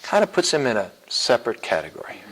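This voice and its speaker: A man's voice: medium pitch, huge pitch swings, fast, fairly bright tone, poor audio. A man teaching a church apologetics class in a casual, chuckling way, with many fillers and restarts. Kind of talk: classroom lecture.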